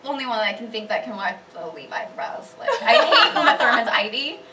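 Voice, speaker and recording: Bubbly high-voiced woman, distant mic. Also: brisk, a little hiss or hum. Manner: bubbly, laughs often, animated storytelling. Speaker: cosplayer panelist. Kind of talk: casual panel chat. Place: convention panel room.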